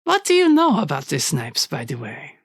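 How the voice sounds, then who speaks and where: A game master voicing a falsely polite male hunter villain with a French accent, speaking slowly and smoothly. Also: medium pitch, wildly swooping pitch, no echo, studio quality, full character voice. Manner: slow, falsely polite, drawn-out purring.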